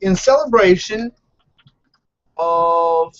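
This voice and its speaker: A man's voice: high voice, animated, extremely slow, fairly bright tone. Male co-host, playful prodder, casual chat; muffled recording. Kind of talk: casual live broadcast chat.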